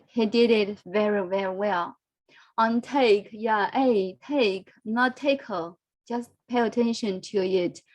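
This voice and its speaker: A woman's voice: mid-range voice, no room sound. A woman teaching English in an online class, coaching pronunciation and praising her students while she repeats words for them to practice. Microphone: video call.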